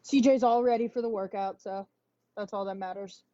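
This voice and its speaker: A woman fitness instructor chatting casually before a livestream workout class, relaxed and sighing now and then, on a headphone mic at home. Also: medium pitch, moderate pace, dull audio. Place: indoors at home. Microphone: wireless headphone mic.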